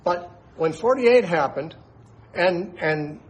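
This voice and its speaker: A man's voice: high voice, lively intonation, slow, rough recording. A man who teaches the Bible on the radio, explaining scripture in an emphatic way and posing rhetorical questions to his listeners.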